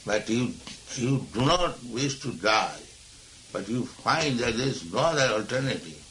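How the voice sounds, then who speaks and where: A man's voice: medium pitch, lively intonation, unhurried, fairly bright tone, a little hiss or hum, low-quality recording. A man, a spiritual teacher speaking emphatically and admonishingly in a philosophical discussion.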